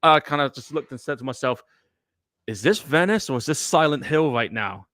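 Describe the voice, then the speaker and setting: A laid-back man chatting through a movie watch-along. His voice sits at a middle pitch, and he is relaxed and conversational as he tells a story. The recording is dry and close. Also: normal speed, no echo. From United Kingdom. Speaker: podcast co-host.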